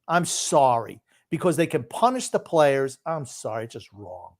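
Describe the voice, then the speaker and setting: A grumpy man co-hosting a sports podcast, cutting in with blunt, curt takes. He speaks in an ordinary mid-range voice, unhurried and matter-of-fact. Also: medium pitch, sing-song. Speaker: podcast co-host. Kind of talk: casual sports chat.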